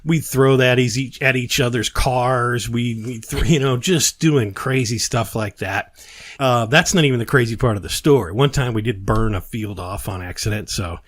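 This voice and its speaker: A man's voice: mid-range voice, normal speed, dry recording. A man on a podcast spins a long story in casual chat and jumps into voices for the quotes. His voice sits mid-range. The sound is dry and close. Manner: animated storyteller, acts out quotes. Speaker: podcast host.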